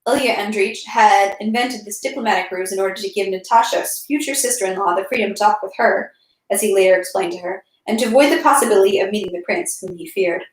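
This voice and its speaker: A woman reading a classic novel aloud in a steady voice, with occasional slips and self-corrections. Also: mid-range voice, fast. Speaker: reader. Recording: echoey room.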